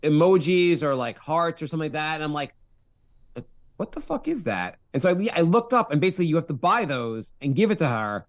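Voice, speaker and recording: A man's voice: a little high, lively intonation, fast talker, hardly any pauses, dry recording, clean studio sound. A man co-hosting a podcast, joking around in casual banter and acting out quoted voices. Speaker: podcast co-host.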